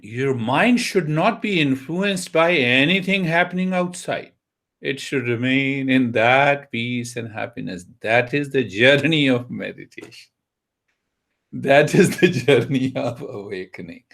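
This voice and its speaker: A man giving a spiritual talk on meditation as a teacher, unhurried, asking his listeners rhetorical questions. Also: medium pitch, vocal fry, fairly bright tone.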